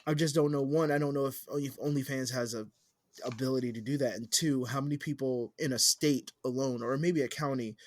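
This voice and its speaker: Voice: medium pitch, steady tone, fairly quick. A podcast co-host in casual chat, trading crude, profane jokes and banter.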